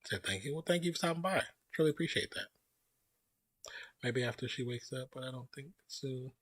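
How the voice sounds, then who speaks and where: A man's voice: medium pitch, fairly quick, no room sound. A man hosting a live stream, chatting loosely and greeting viewers as they join. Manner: relaxed, rambling, greets chat viewers by name. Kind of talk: casual live stream chat.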